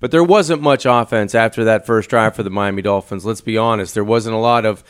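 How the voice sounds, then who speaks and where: A man breaks down the game as a radio football analyst, his voice smooth and resonant. He often restarts his sentences, repeating words as he works out his point. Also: lowish voice. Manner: halting, repeats words when starting thoughts. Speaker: color analyst.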